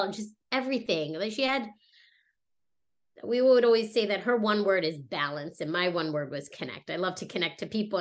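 A woman in her thirties talking casually and reflectively about her family, pausing often with fillers and restarts. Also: medium pitch. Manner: halting, many fillers and restarts. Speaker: guest sharing a personal story.

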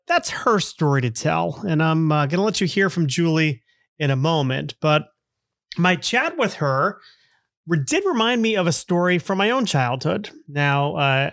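A man in his fifties hosts a storytelling podcast, rambling along with little chuckles between thoughts. His voice sits a bit higher than most men's and sounds close and dry, with no room around it. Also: fairly bright tone, no echo. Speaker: podcast host.

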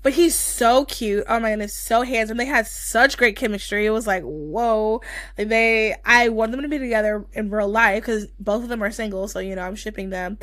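A woman's voice: fairly high pitch, moderate pace, fairly bright tone, no room sound. A young woman co-hosting a podcast, gushing in casual chat with lots of fillers. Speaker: podcast co-host.

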